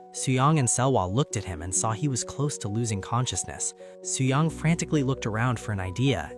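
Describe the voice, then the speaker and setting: A man giving a scripted story recap narration in an even, steady delivery. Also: mid-range voice. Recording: narration over loud background music.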